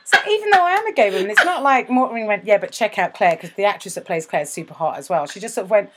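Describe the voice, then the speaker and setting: A woman's voice: medium pitch, expressive, rapid-fire, a bit bright. A British woman co-hosting a podcast, chatting casually and teasing her co-host in a sarcastic way. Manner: sarcastic, teasing, puts on voices when quoting. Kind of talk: casual chat.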